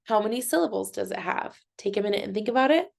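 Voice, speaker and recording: A woman teaching a recorded lesson for children, speaking clearly and encouragingly and clapping out syllables slowly. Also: mid-range voice, lively intonation.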